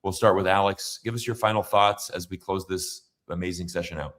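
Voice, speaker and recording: Man, low voice, livestream host, casual political chat, rambling and emphatic. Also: fairly even intonation, fairly quick, a bit bright. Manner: rambling, emphatic, many fillers and restarts.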